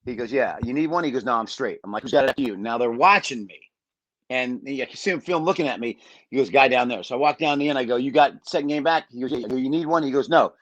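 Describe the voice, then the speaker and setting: A man's voice: mid-range voice, fast talker, no echo, highs cut off. A middle-aged man from Michigan, a podcast guest telling long stories, acting out what people said and swearing freely. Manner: animated storyteller, acts out quotes, swears freely. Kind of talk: storytelling on a sports podcast.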